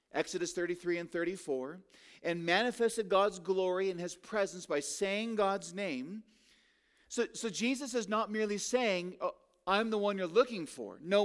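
A man preaching a sermon, asking rhetorical questions and drawing out key words for emphasis. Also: high voice. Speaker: pastor. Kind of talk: expository sermon.

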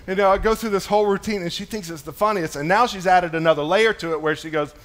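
A man in his thirties preaching with a notably high voice. He talks casually, with many fillers. He moves between soft storytelling and punchy, emphatic stresses. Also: fast, few pauses. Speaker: pastor. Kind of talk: sermon. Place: church.

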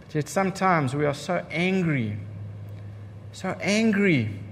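Emphatic preacher with lively high voice. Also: male voice, slow, big-room sound, slight background noise. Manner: emphatic, repeats key lines for effect; rhetorical questions to the congregation. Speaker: pastor. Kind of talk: sermon.

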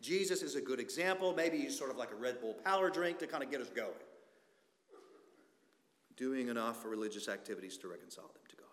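A man's voice: medium pitch, animated, quick pace, fairly bright tone. A man preaching a sermon as pastor, emphatic and fond of rhetorical questions, recorded in a church sanctuary. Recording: echoey church hall reverb.

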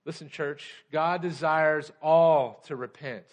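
A pastor preaching a conversational sermon, often checking in with the congregation. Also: male voice, a little high, moderate pace.

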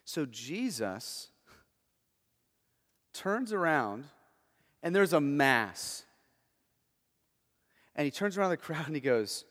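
Male preacher, somewhat high-pitched, soft-to-forceful sermon delivery, recorded with a long echo of a big room. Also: big pitch swings, takes it slowly, pauses often. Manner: expository preaching that swings between hushed and emphatic. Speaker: pastor.

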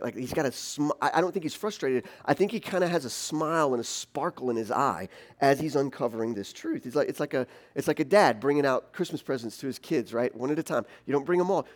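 A pastor preaching a sermon in an animated, conversational way, acting out the questions a listener might ask. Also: male voice, medium pitch. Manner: animated, teasing and conversational, voices imagined objections.

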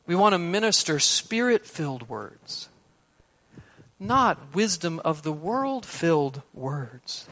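A man preaching an expository sermon, emphatic and shifting between loud stresses and hushed words. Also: on the high side, sing-song, slow pace.

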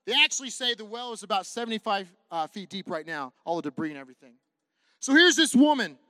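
A man preaching a sermon to a congregation, animated and repetitive, pacing as he talks and acting out the people in his story. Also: high voice, quick pace, dry recording. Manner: animated, repetitive, quotes figures in voices; walks around while preaching. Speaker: pastor. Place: church sanctuary with a congregation.

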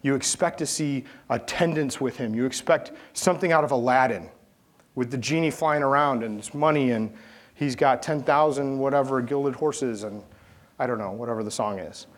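A man preaching a sermon, telling stories with animated swings from loud calls to hushed asides. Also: medium pitch, moderate pace. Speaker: pastor.

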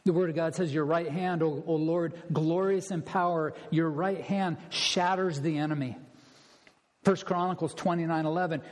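A man's voice: on the high side, a little mellow, big-room sound. A man preaching an expository sermon as a pastor, emphatic and stressing his points through repetition.

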